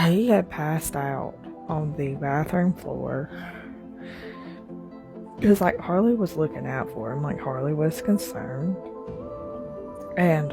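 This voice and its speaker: A woman's voice: low-pitched, gravelly. A woman telling a story in a loose, rambling way, full of "like" and "you know" and laughing as she goes. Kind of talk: casual spoken storytelling.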